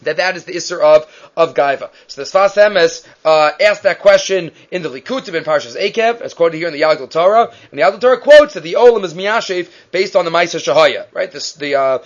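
Male Torah teacher, high voice, lively storyteller, muffled lo-fi sound. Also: a little fast, few pauses. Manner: animated, acts out quotes, restarts often. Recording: dull lo-fi recording.

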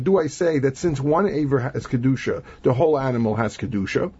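A man's voice: medium pitch, animated, moderate pace, few pauses, darkish tone, breathy edge. A man with a Yeshivish accent teaching a Talmud lesson, reasoning aloud through the argument and using many Hebrew and Yiddish terms. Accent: Yeshivish English. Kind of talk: Talmud lesson, analytical explanation. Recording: dull lo-fi recording.

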